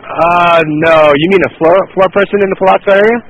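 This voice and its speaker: A man's voice: high-pitched, fairly even intonation, brisk. A man working the phone at a poker room, answering a caller politely and sounding puzzled. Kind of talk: phone conversation. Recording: dull lo-fi phone audio with faint noise.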